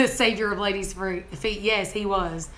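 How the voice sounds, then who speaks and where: A young woman, telling a story in a casual vlog, animated and laughing often as she acts out what people said. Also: medium pitch, a little slow. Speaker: homestead vlogger.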